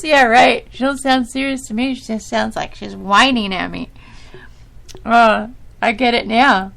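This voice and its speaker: A woman's voice: on the high side, animated, slow pace, creaky, a bit bright. A middle-aged woman hosting her own podcast, talking casually and rambling with a girlish, sometimes whiny voice and frequent laughs. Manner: rambling, laughs often, self-deprecating. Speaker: podcast host. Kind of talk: casual solo talk.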